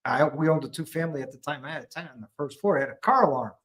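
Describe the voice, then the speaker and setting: An American man with a slightly raised pitch, a veteran recounting his deployment. He talks casually and acts out the alarms and orders as he goes. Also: rapid-fire, low-quality recording. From United States. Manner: animated storyteller who acts out quotes. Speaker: veteran, former maintenance platoon sergeant. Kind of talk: casual storytelling.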